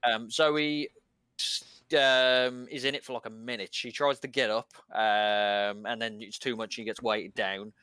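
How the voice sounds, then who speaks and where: A man talking through a casual recap on a podcast, stacking one event onto the next and filling gaps with ums. His voice is smooth and clean. The sound is close and dry, with no room around it. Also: mid-range voice, steady tone, a little slow, pushed and bright, no room sound. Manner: rambling, filler-heavy play-by-play retelling. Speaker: podcast co-host.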